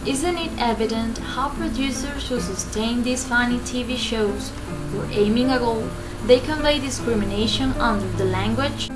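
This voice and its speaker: A woman's voice: on the high side, moderate pace, rough recording. A university student woman earnestly presenting her class project in a formal tone. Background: loud guitar music.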